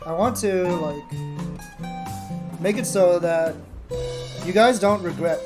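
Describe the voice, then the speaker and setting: A man's voice: sits high, slow pace. A man streaming a game, talking casually to viewers with lots of fillers. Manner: chatty, many fillers like "like" and "you know". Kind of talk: casual let's play commentary. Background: background music.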